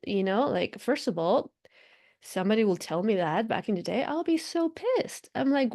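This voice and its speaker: A woman hosts a spiritual podcast and talks aloud in a loose, unscripted way. Her voice sits fairly high. She acts out her inner voices as she goes, laughs often and restarts her sentences. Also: animated, measured pace, a little mellow. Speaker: podcast host and spiritual coach. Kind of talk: casual reflective monologue.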